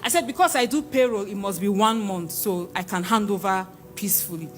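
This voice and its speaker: A young Nigerian woman giving an excited church testimony, exclaiming and repeating phrases. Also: medium pitch, brisk, faint music behind. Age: young adult.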